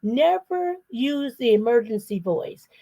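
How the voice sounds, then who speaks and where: A woman's voice: a little high, slow. A middle-aged woman, a psychotherapist, giving a parenting talk full of personal stories and acted-out quotes. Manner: animated storyteller, acts out quoted voices. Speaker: psychotherapist and guest speaker.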